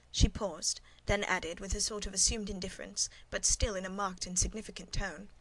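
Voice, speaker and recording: Woman reading a classic novel aloud, measured, even, mid pitched, storybook feel. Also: husky, low-quality recording. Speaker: audiobook narrator. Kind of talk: scripted first-person narration.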